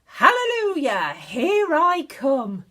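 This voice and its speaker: A woman voicing a screechy, bossy old grandmother in a children's storybook reading, shouting and crowing. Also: very high-pitched, very animated, takes it slowly, pitched above the performer's own voice, heavily acted. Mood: gleeful shouting.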